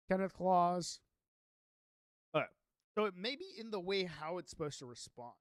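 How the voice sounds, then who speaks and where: Sleepy and yawning, a young Minecraft streamer reads his notes aloud and chats casually with his audience in a rambling way. He speaks at a moderate pace with lively intonation, a high voice and long pauses, captured in studio quality with no room sound.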